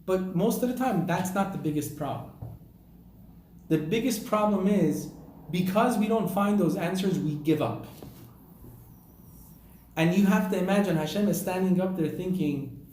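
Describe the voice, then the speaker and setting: A man's voice: high-pitched, moderate pace, long pauses, darkish tone, a little hiss or hum. A man, a rabbi, tells a story in a sermon, sprinkling in Hebrew terms, in an echoey room. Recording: echoey room with faint ambience.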